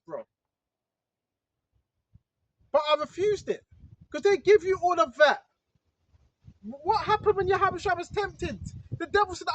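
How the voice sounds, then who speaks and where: High-voiced casual preaching man. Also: sing-song, unhurried, pauses often, no echo, highs cut off. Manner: conversational, repeats "bro" and "right?". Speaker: online preacher. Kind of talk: casual religious monologue.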